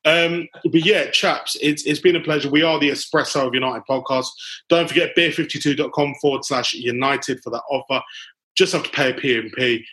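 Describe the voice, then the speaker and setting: A man's voice: medium pitch, brisk, bright, forceful tone. A man hosting a casual football podcast over a call, jokey and full of banter and fillers. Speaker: podcast host. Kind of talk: casual chat. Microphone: call recording.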